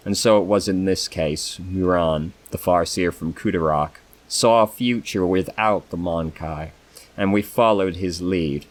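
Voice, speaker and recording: A man reading aloud the lines of a solemn, sorrowful female elf from an ancient dying race, in a measured voice. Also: sits low. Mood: stern. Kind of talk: reading game dialogue aloud.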